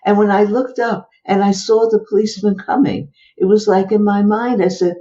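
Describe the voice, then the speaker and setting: An older woman, a psychologist as interview guest, telling a personal story with animated exclamations. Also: mid-range voice, moderate pace, highs cut off.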